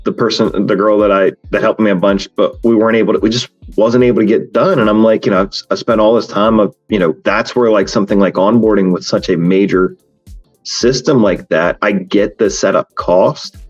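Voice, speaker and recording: A man's voice: on the low side, fairly even intonation, brisk, lo-fi sound, faint music behind. A man hosting a podcast in casual chat, talking frankly and rambling with many fillers and restarts. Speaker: podcast host.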